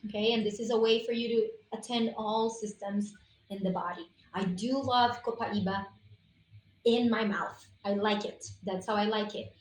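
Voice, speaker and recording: A woman with a mid-range voice and fairly even intonation speaks at a moderate pace as a guest presenter on essential oils. Her chatty, enthusiastic product talk goes out on a live stream via video call, with roomy echo, faint ambience, and slight background noise.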